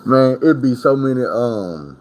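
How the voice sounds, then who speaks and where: A man's voice: mid-range voice, animated, a little slow, darkish tone. A man from Arkansas, telling prison stories in a casual storytime monologue. His talk is profane and rambling, full of asides to the listener.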